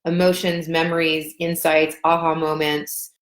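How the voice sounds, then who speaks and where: A woman with a low, grounded voice walks a group through a tapping exercise. She talks gently and encouragingly, often stopping on ums. The sound carries a noticeable room echo. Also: little pitch movement, a little slow. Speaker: tapping coach and doctor. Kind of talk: guided tapping session over video call.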